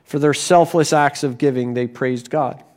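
A man preaching a sermon as pastor, deliberate, with bursts of animated storytelling. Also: mid-range voice.

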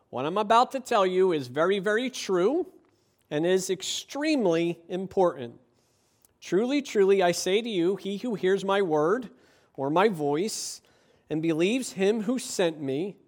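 A man preaching a sermon as pastor, delivering it emphatically with drawn-out phrases and rhetorical questions to his listeners. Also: fairly high pitch.

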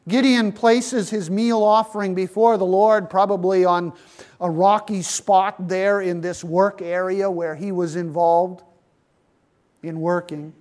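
A man's voice: high-pitched, steady tone, unhurried, a little mellow. A man preaching a sermon, retelling a Bible story and speaking to his listeners as friends. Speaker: pastor.

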